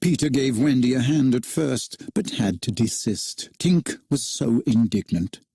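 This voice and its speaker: A man narrating a children's storybook aloud in an expressive, animated reading style. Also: medium pitch, unhurried, vocal fry, slightly rough, dry recording, studio quality.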